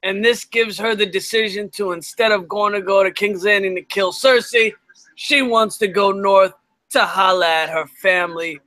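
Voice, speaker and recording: A man co-hosting a live stream, telling it in an excited, animated way while he is losing his voice. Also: high-pitched, normal speed, dry recording, low-quality recording. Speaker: co-host. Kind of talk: casual live-stream chat.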